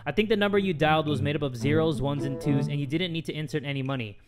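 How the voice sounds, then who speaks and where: A young man from Southern California chatting casually in a jokey, crude, loud way on his vlog. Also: fairly high pitch, quick pace, music in the background. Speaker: YouTuber.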